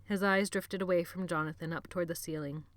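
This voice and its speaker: A woman reading a novel aloud as narrator, at a slow, measured pace. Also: fairly low pitch, steady tone, no room sound. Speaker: audiobook narrator. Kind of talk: scripted narration.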